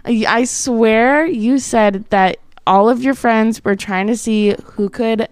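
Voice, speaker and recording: A woman's voice: on the high side, slow pace, a little mellow, smooth, dry recording, clean studio sound. A woman joining a comedy podcast, chatting casually and matter-of-factly. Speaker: podcast guest. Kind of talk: casual chat.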